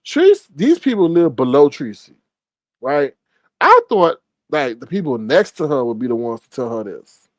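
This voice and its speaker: A man hosting a casual gossip commentary, retelling a story with animated exclamations. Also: on the high side, normal speed, dry recording. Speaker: commentary show host.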